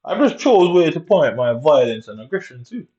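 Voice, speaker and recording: A man's voice: fairly high pitch, big pitch swings, moderate pace, dark tone, muffled recording. Profane ranting man with Jamaican accent. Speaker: gamer. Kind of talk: angry ranting commentary over gameplay.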